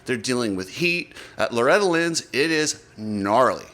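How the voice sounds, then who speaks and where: Chatty upbeat man, bright voice. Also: mid-range voice, normal speed. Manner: animated, chatty and apologetic, talks up riders. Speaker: host of a motocross coverage channel. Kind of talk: casual commentary vlog.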